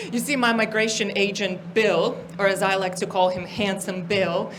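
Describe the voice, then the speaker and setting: A woman's voice: mid-range voice, normal speed, background noise. A woman from Estonia doing stand-up, teasing the audience playfully at a live comedy venue. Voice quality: playful crowd work, teasing.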